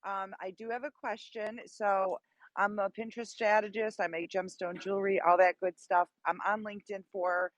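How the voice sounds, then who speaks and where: A woman calling into a live podcast from a hair salon, excitable and gushing, swearing casually. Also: medium pitch, moderate pace, no echo, low-quality recording. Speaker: audience caller.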